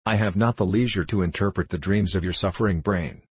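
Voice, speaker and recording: A man's voice: deep voice, a little fast, slightly rough, no room sound. A man reading as a cold, haughty queen. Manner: haughty and dismissive. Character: proud cold young queen.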